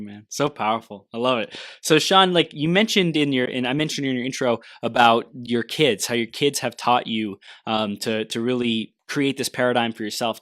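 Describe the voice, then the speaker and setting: An enthusiastic man hosts the interview and mostly offers short, eager affirmations. His voice is mid-pitched and sounds dry and close. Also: a bit bright, no echo. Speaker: podcast host. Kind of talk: interview hosting.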